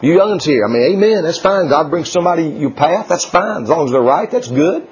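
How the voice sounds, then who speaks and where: A man preaching a folksy sermon, laughing often and swinging from loud declarations to hushed asides. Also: fairly high pitch, lively intonation, fairly quick, husky. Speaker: pastor. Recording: dull lo-fi church recording.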